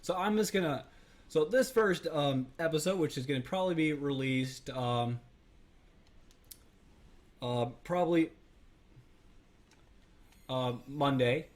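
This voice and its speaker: A man's voice: a little high, slow pace, long pauses. A man hosting a let's play, giving casual gameplay commentary in a rambling, self-correcting way with lots of fillers.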